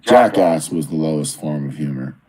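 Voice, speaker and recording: A man's voice: a bass voice, animated, normal speed, mellow, breathy edge. A man co-hosting a casual live stream, telling stories in an easygoing way. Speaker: co-host of a toy live stream.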